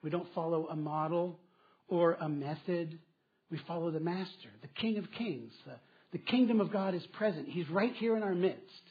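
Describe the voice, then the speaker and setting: Man, pastor, conversational sermon, emphatic repeats, raspy tone. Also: fairly high pitch, normal speed, muffled recording.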